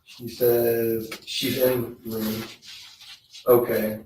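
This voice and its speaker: A man on the witness stand reading text messages aloud in a slow, measured way. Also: medium pitch, flat delivery, darkish tone, slight background noise. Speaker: trial witness. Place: courtroom. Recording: echoey courtroom feed, distant mic.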